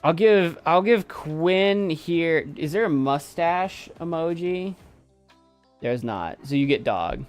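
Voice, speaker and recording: A man hosting a live stream, chatting casually in an animated, jokey and rambling way. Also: on the high side, takes it slowly, smooth, soft background music. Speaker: streamer host.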